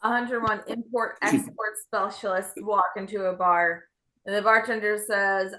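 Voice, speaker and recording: A woman comedian telling quick, matter-of-fact improv jokes. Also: medium pitch, steady tone, sharp tone, echoey room, poor audio.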